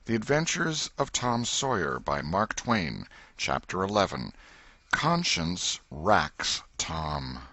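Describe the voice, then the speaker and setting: A man narrating a classic novel as an audiobook, dramatic and expressive in his storytelling. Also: deep voice, slow, no echo. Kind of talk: scripted narration.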